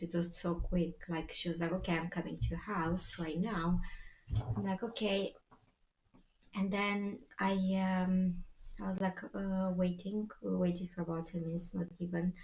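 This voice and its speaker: A mother telling her family's story in a casual vlog, hesitant, with many fillers and restarts as she quotes what people said. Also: on the low side. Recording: echoey room, faint background noise.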